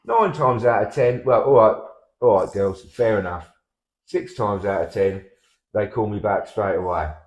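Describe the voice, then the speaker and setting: A man in his fifties with a Portsmouth English accent, trading deadpan comic chat and stumbling self-deprecatingly over his words. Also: on the low side, normal speed, echoey room. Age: 50s. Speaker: comedy double-act partner.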